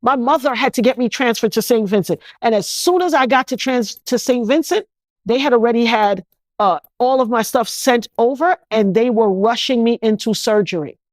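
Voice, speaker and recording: A woman tells her own story as an interview guest, speaking emphatically and often restarting mid-thought. Her voice sits somewhat high. The recording is dry and close, with no room echo. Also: moderate pace. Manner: emphatic, with many restarts and acted-out quotes. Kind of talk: emotional personal storytelling.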